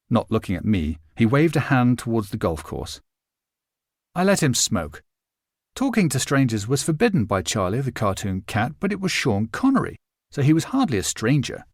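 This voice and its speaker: An audiobook narrator reads a novel aloud in a measured, expressive storytelling style. His voice sits in the mid range, and the scripted narration is recorded with studio quality and no echo.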